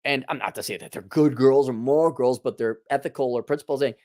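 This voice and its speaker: A man's voice: medium pitch, fast talker, darkish tone, no room sound, clean studio sound. A man hosting a casual commentary rant, blunt, profane and sarcastic, often restarting his sentences. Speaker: host.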